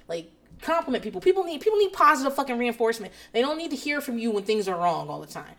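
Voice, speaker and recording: A woman talking off the cuff, sarcastic and salty, drifting from story to story. Her voice sits a bit higher than most. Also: sing-song, fast talker, a bit bright. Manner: profane, sarcastic, rambling. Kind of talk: casual chat.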